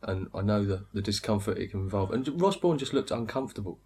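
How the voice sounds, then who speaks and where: A man's voice: lowish voice, lively intonation, fast talker, a little mellow, slightly rough. A man co-hosting a casual chat show, jokey and laughing a lot. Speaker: podcast co-host. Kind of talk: casual chat about motor racing.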